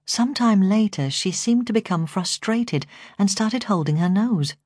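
A woman who is a foster carer narrating her memoir as an audiobook, in a steady, measured way. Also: medium pitch, slightly rough, no echo, clean studio sound.

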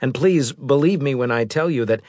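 A man voicing a cunning starship captain who talks smoothly and with false politeness. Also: medium pitch, normal speed, a little mellow, dry recording, studio quality, pitched above the performer's own voice, natural voice. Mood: smoothly polite.

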